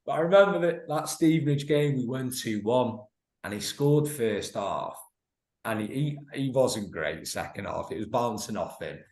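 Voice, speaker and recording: A former footballer in his thirties tells anecdotes as a podcast guest, his medium-pitched, darkish voice animated at a normal pace. He laughs often, restarts a lot, and acts out quotes, all in a roomy, echoing recording.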